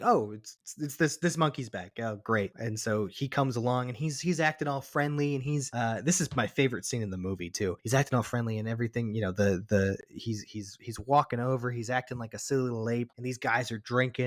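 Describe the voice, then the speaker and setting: A man in casual podcast chat, animatedly retelling a movie plot with quick voiced quotes of its characters and many restarts. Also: medium pitch, no room sound, clean studio sound. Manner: frequent restarts and repeated words. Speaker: podcast co-host. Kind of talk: casual film recap chat.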